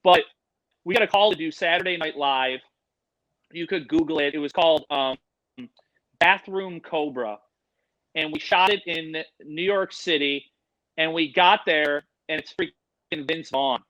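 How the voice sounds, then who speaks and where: A middle-aged man, a guest on a casual podcast, telling loud, profane, animated stories. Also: on the high side, measured pace, pauses often, no echo, highs cut off. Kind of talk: casual storytelling chat.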